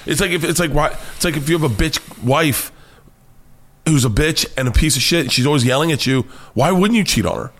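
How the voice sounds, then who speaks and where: A middle-aged man telling stories as a comedian guest in a casual interview, swearing freely and acting out quotes with sudden loud outbursts. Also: on the high side, fairly quick. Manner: animated storyteller, swears freely, acts out quotes loudly.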